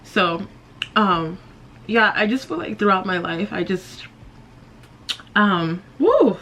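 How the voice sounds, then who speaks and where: At a measured pace and medium pitch, with a sharp tone, a young woman beauty vlogger does her makeup and chats casually in a get-ready-with-me video. She's on the verge of tears, sighing and giving nervous laughs.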